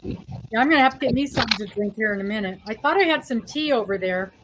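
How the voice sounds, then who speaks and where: A woman co-hosting a casual livestream chat, relaxed, reading out chat messages with wry asides. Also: fairly high pitch, quick pace, background noise. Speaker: co-host.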